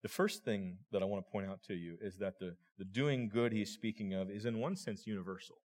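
A pastor delivering a sermon in a somewhat low voice. He speaks earnestly, addressing the congregation as friends and often doubling back on his words. A man preaching steadily. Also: a little fast, a little mellow.

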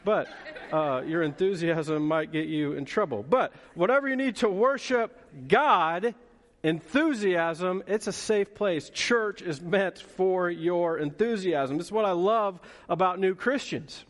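A man preaching an energetic, conversational sermon with touches of humor, as pastor of his church. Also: high voice, unhurried. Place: church auditorium. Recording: long reverb of a church hall.

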